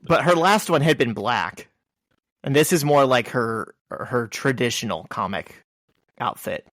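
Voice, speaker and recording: Relaxed, rambling podcast co-host man. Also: mid-range voice, a little slow, no echo, studio quality. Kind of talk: casual chat.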